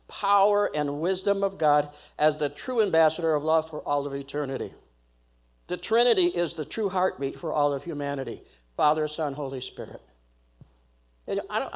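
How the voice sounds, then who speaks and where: A man preaching a sermon as pastor, emphatic and repetitive. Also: high-pitched.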